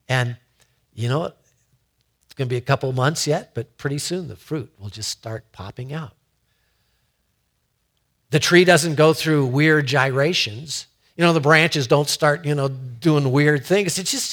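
A man preaching in a relaxed, folksy, conversational manner, stretching his words out slowly. His voice is bright and forceful and sits a little high for a man. He repeats words when he builds to a point. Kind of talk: conversational sermon.

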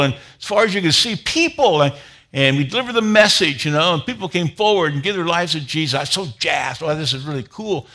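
A man preaching a sermon, telling a story with lively rises in energy and dropping to a low, earnest tone to make his point. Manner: animated storyteller, grows loud and high when excited, then drops to a low earnest tone. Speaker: pastor.

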